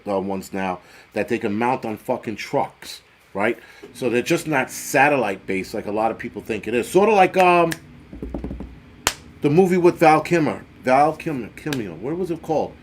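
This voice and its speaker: A man in middle age talks loosely to his livestream viewers, swearing freely and wandering between jokes and the topic. His voice sits at an ordinary middle pitch, and he jumps abruptly between loud bursts and muttered asides. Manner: profane, rambling, jokey, quick swings in loudness. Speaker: livestream host. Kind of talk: casual livestream chat reading viewer comments.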